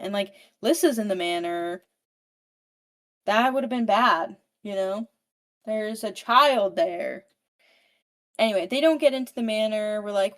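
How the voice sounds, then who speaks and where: A woman's voice: medium pitch, a little slow, pauses often. A woman in casual podcast chat, retelling a novel's plot with frequent swearing and constant "like" fillers. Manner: swears freely, fills speech with "like"; animated storyteller, paraphrasing characters. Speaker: book podcast participant. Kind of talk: casual book recap chat.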